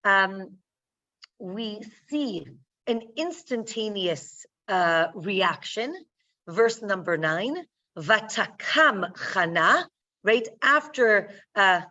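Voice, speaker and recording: A woman teaching a Bible text, explaining slowly and often checking in with "right?". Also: medium pitch, expressive, bright, forceful tone. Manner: slow, explaining, tags lines with "right?". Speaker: Torah teacher. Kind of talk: text-study lecture. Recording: distant, dull lo-fi recording.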